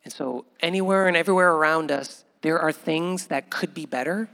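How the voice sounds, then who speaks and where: A man preaching a conversational sermon as pastor, chuckling often and building to loud, animated bursts. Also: on the high side, fairly quick, vocal fry, big-room sound.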